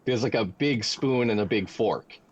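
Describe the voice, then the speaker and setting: A man's voice: on the low side, normal speed, dull audio, slight background noise. A man narrating a tabletop game as game master, describing loot with some hesitation.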